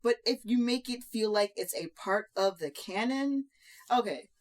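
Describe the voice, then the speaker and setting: A woman's voice: a little high, animated, moderate pace, darkish tone. A woman co-hosting a casual podcast, giving her opinions and thinking aloud as she goes. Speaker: podcast co-host. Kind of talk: casual chat.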